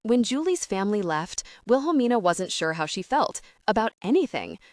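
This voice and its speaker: A woman narrating a young-adult novel as an audiobook, in an expressive storytelling manner, on a close studio mic. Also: medium pitch, normal speed, no room sound. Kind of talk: scripted narration.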